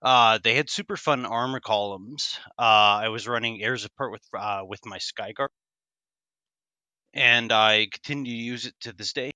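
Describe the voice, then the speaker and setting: Guy with a really bright sharp voice, smooth and dry, quick matter-of-fact intro. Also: medium pitch, dry recording. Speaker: guest player from a game outfit. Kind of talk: casual voice chat.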